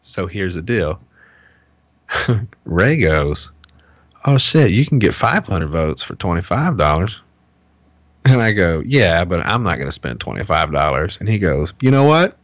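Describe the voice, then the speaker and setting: Low-voiced man telling a profane story. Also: big pitch swings, measured pace, long pauses, no room sound. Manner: profane, heated storytelling with acted-out quotes. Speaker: podcast co-host. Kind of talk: casual chat.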